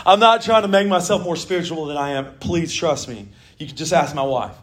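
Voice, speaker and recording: A middle-aged man preaching a casual, animated sermon, joking and talking to his listeners like friends. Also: on the high side, a little fast. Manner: animated, jokey, conversational with laughs and asides.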